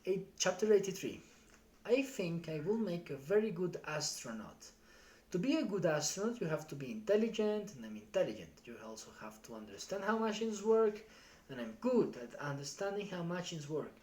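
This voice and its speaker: A streamer reading a novel aloud live in steady first-person storytelling. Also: mid-range voice, normal speed.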